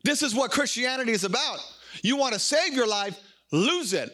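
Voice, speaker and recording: A man preaching a sermon, animated and acting out little dialogues as he goes. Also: very high-pitched, normal speed. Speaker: pastor.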